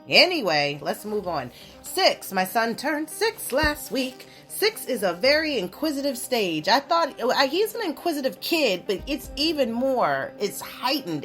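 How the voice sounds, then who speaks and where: Woman podcast host in her thirties, lively swooping pitch, loose and profane, faint music bed. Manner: profane, animated storytelling with mocking quoted voices. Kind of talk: casual explicit monologue.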